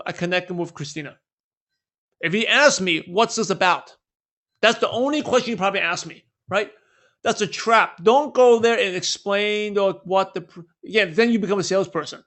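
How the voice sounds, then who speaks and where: High-voiced man coaching sales scripts. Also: a bit bright. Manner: conversational, repeats "right?" to check in. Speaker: network marketing trainer. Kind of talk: training talk with role-played scripts.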